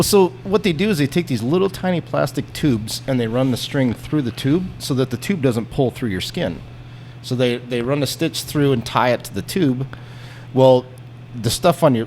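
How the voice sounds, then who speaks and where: On a casual podcast, a male guest tells a story in an animated, profane way, acting out the people involved. His pitch is medium, and there's a little hiss or hum in the recording.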